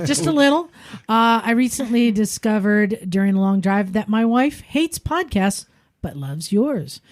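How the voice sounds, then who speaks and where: A woman hosts a relaxed podcast chat at a middling pitch. She reads listener emails aloud, and she breaks into laughter often as she goes. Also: unhurried. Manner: laughs often, chatty and loose. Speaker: podcast host.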